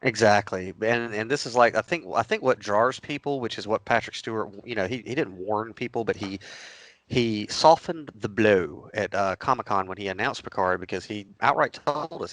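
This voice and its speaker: A man with a light Southern accent chats in a bright, forceful voice that sits a little low. He tells stories in an animated way, laughs often and swears freely. The recording is close and dry. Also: dry recording, low-quality recording. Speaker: podcast co-host. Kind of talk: casual chat.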